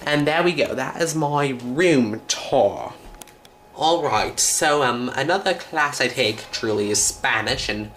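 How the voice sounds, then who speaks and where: A man's voice: medium pitch, lively intonation, slow, fairly bright tone, slight background noise. A teenage boy from the United States, talking in a put-on British accent as he hosts a casual, rambling room-tour vlog with jokes and self-corrections. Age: teens. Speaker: channel host. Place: his bedroom, indoors.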